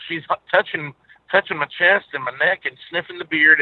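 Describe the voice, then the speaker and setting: A man's voice: fairly high pitch, fairly even intonation, fairly quick. A man from Texas with a Southern accent, a musician guest telling stories in an easygoing way with many filler uhs. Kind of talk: casual interview over the phone. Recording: tinny phone line.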